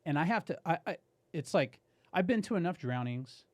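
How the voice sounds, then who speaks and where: Animated storytelling man, dry mic. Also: fairly high pitch, moderate pace, no room sound. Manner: animated, swearing, says "dude" and "man" a lot. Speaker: podcast guest. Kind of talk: casual storytelling chat.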